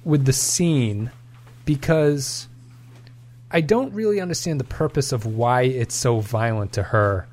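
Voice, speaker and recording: A man co-hosting a casual podcast about a film, weighing each point thoughtfully. His voice sits at an ordinary middle pitch, and he talks in an even, analytical way, often restarting his sentences. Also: a little slow. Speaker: podcast co-host.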